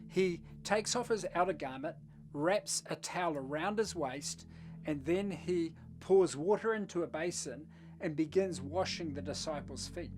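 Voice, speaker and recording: Conversational pastor over background music. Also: medium pitch. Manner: conversational, storytelling. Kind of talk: short devotional message.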